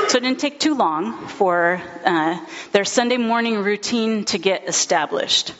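A woman pastor preaches with earnest, heartfelt storytelling. She speaks slowly at a middle pitch. The recording sounds dull and lo-fi. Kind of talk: sermon storytelling.

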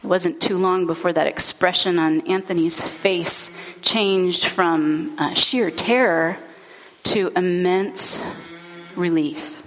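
A woman's voice: lowish voice, slow pace. A woman pastor preaching a sermon, telling a story in an earnest, heartfelt way, in a dull recording.

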